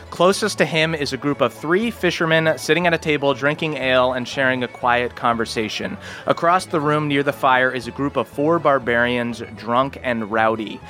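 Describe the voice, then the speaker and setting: A man narrating a tabletop game as game master, setting scenes in slow, descriptive detail. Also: medium pitch, a bit bright.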